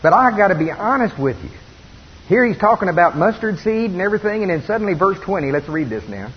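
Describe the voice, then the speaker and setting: High-voiced preacher in an echoing hall. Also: male voice, fairly quick. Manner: folksy, animated storytelling with laughs. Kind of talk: sermon. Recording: dull lo-fi recording with long reverb and faint hiss.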